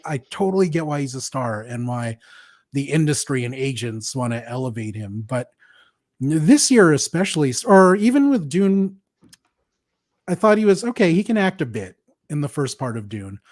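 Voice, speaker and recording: A man hosting a casual film review chat, opinionated and quick to laugh. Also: medium pitch, darkish tone, dry recording, studio quality. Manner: laughs often, opinionated and chatty. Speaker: podcast host.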